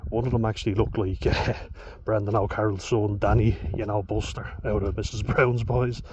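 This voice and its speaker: A man's voice: lowish voice, moderate pace. An Irish man talking in a rambling, casual monologue, swearing freely and going off on chatty asides. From Ireland. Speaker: vlogger. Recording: dull lo-fi audio with steady noise.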